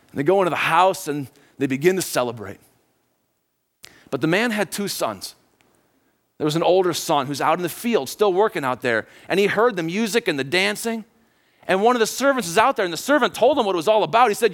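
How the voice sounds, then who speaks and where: With a high-pitched voice and a slightly quick delivery, a man preaches and recounts a story animatedly, as if chatting, frequently putting questions to the audience.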